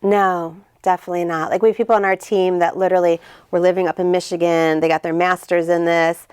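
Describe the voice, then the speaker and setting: In a casual interview, a guest who is a nonprofit's founder and CEO speaks with earnest feeling, acting out others' words in lively voices. Her voice is low-leaning and smooth, her pace quick. The studio-quality recording has no echo.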